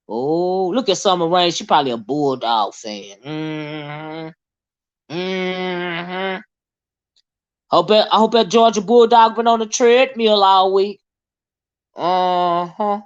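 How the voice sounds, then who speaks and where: A woman's voice: lowish voice, takes it slowly. A woman chatting casually and teasingly with viewers on a livestream. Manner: animated, teasing, Southern-style banter. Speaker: livestream host. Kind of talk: casual live chat with viewers. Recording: slightly dull lo-fi stream audio.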